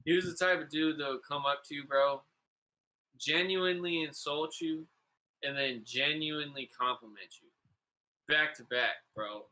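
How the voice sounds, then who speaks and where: Slightly high and sharp, this podcast host's voice moves at a moderate pace on a rough recording. Laid-back and profane, he rambles through casual storytelling, swearing freely, calling people "bro", and filling his talk with "like" and "you know".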